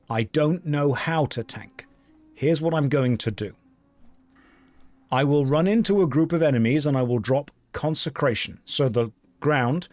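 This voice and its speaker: A man live-streaming an online game, chatting casually with his viewers and joking in a deadpan way while reading their messages aloud. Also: mid-range voice, no room sound.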